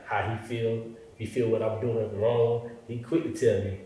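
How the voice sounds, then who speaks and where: Low mellow-voiced man, echoey room. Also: little pitch movement, normal speed, slight background noise. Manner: easygoing, frequent agreeing "yeah". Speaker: podcast guest. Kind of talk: casual conversation. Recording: roomy echo, mic at a distance.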